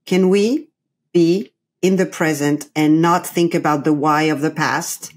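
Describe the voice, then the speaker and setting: Brief: middle-aged French woman, husky, lower pitch, animated podcast guest. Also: measured pace. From France. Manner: lively, laughs often, acts out imagined quotes. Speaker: guest, play coach and company founder. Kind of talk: conversational podcast interview. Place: New York.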